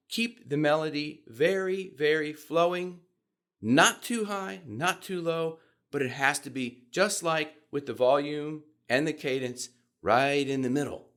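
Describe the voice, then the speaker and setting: Lively-pitched male voice coach. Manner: demonstrates pitch by swooping high and low; upbeat, encouraging teacher. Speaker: voice and speaking coach. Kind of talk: instructional video lesson.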